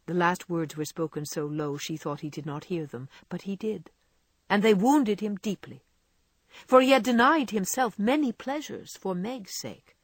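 Husky-voiced woman reading a classic story. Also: mid-range voice, normal speed, no echo. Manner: expressive, varied reading. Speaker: audiobook narrator. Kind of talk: storybook narration.

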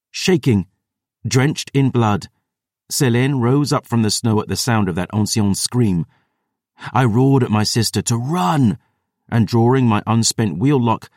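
A low-voiced man reads a grim first-person audiobook. His delivery is grave and intense, and the recording is dry and close, with no room echo. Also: a little mellow. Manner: grave, intense dramatic reading. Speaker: audiobook narrator.

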